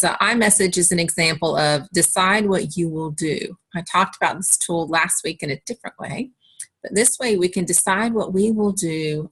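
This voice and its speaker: A woman giving a calm, explanatory parenting lesson, now and then acting out short phrases a parent or child might say. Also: lowish voice, breathy edge. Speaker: parenting educator. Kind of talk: instructional talk to camera.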